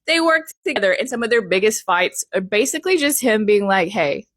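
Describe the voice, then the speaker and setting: Young woman, vlogger, playful, emphatic, mid pitch, dry close sound. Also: lively intonation, brisk, fairly bright tone, dry recording. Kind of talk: opinion commentary to camera.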